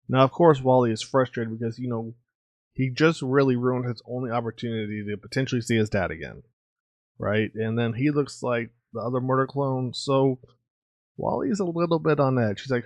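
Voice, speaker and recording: A man hosting a comic book channel, casually reading through an issue and acting out its dialogue in quick snippets. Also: mid-range voice, dry recording. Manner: reads dialogue aloud in quick character snippets.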